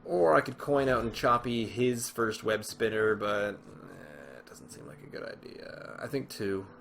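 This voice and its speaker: A man casually commenting while he plays a card game, chatty and rambling, with sudden excited outbursts. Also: lowish voice, unhurried, gravelly, slight background noise. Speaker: gaming channel host. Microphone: desk microphone with webcam.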